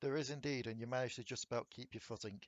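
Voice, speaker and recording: A man running a tabletop game as dungeon master, narrating events and calling for rolls in a calm, descriptive way. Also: mid-range voice, fast talker, no room sound.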